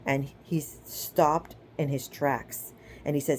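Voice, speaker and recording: Her voice rumbles low and stays steady, slow and a touch mellow, with slight noise in the background. It's a relaxed, talkative spiritual teaching in which she acts out scripture quotes while retelling the stories, often checking in with "right?" or "okay?".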